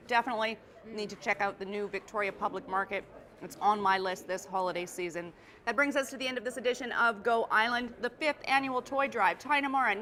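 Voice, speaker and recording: A woman's voice: mid-range voice, fairly bright tone. A woman hosting a local lifestyle TV show on location, upbeat and chatty. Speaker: TV host.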